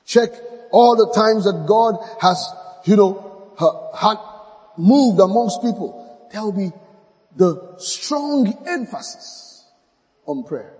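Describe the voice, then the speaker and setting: A man's voice: sits high, animated, slow, long pauses, a little mellow, long reverb tail, low-quality recording. A man preaching a sermon with emphasis, repeating key phrases and acting out short dialogues with church members.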